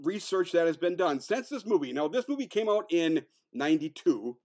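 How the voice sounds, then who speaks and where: A man's voice: on the high side, very animated, normal speed. Blunt, profane man reviewing films. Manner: blunt, profane, loud bursts of mock outrage. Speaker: podcast co-host. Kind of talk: casual film review chat.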